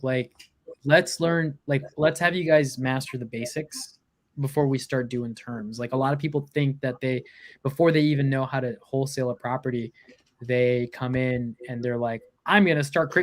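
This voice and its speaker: A man, a real estate closer, telling stories casually in an interview and mimicking the people in them. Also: medium pitch. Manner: storytelling, mimics others' voices while telling stories. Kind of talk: casual interview over video call.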